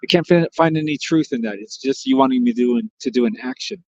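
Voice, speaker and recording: A man's voice: medium pitch, quick pace, darkish tone, muffled recording. A man hosting a livestream, chatting casually and joking as he rambles and reads out viewer comments. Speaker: livestream host.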